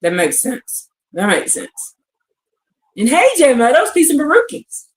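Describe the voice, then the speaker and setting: A woman teaching scripture on a live stream, reading verses aloud and firing questions at her listeners with excitement. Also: high voice, unhurried. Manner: animated and exclamatory, reads verses then asks the audience questions. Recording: echoey room.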